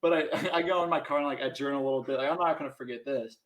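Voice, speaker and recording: A man's voice: medium pitch, rapid-fire. A young man from Minnesota, a podcast guest, telling a story casually and animatedly, acting out voices and saying "like" a lot. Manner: animated, acts out voices in his stories, many "like" fillers.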